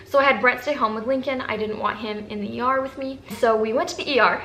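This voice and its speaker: In an echoey room with faint background noise, a young adult woman vlogger candidly and emotionally tells viewers, whom she calls "guys," about her breastfeeding experience in casual talk. Her voice is fairly high, pushed and bright, steady in tone and quick.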